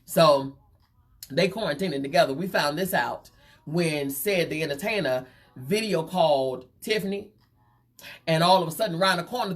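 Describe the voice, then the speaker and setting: A woman hosting a gossip show, teasing and playful, repeating herself for effect. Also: low voice. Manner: playful, repetitive, drawn-out teasing. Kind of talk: casual gossip chat.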